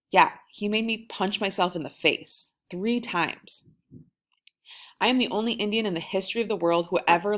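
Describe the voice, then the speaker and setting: A woman reading a novel aloud in a wry first-person storytelling manner, lively when voicing the quoted lines. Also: on the low side. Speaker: audiobook reader.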